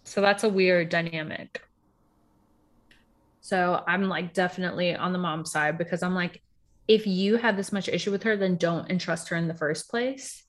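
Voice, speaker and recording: A woman with a frank, animated manner, chatting casually about a reality show and swearing freely. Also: on the low side, normal speed. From Puerto Rico.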